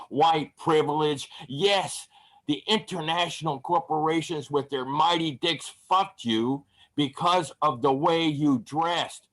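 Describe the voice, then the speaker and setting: Man performing spoken word, slow deliberate delivery, fierce and profane, over a video call. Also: medium pitch. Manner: angry, profane, declamatory delivery. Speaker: open mic poet. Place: home, online video call.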